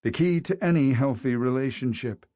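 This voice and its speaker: A man's voice: mid-range voice, moderate pace, warm tone, no echo, studio quality, lightly acted. A man doing a grumpy, irritable teacher. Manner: muttering, irritable. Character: grumpy male teacher in a foul morning mood. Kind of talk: audiobook character voice.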